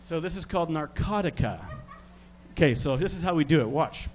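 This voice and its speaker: A man from Canada, working as a stage hypnotist, giving slow, soothing suggestions and chuckling between them. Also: a little high, animated, slight background noise. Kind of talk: live hypnosis demonstration.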